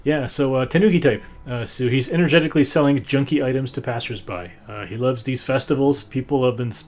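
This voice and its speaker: A man's voice: mid-range voice, fairly quick. A man running a tabletop game as game master, rambling and stopping often to find his words. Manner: rambling, many fillers and restarts.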